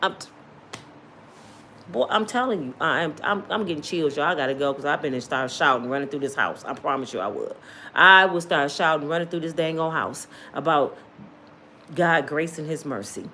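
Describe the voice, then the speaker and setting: A woman's voice: on the high side, expressive, normal speed. A middle-aged woman giving an impassioned, preaching-style testimony with repeated calls to her listeners. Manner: fervent, repetitive, call-and-response preaching. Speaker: motivational testimony speaker.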